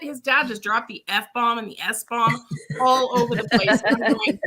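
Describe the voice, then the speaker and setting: A woman co-hosting a casual chat, telling lively stories about her readings and acting out the quotes. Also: a little high, moderate pace, husky. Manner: lively storyteller who acts out quotes. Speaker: host and medium.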